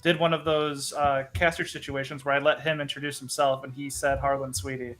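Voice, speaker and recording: A man's voice: a little high, level tone, a little fast, fairly bright tone, soft background music. A man casting a live card game, speaking earnestly and admiringly about a player. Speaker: caster.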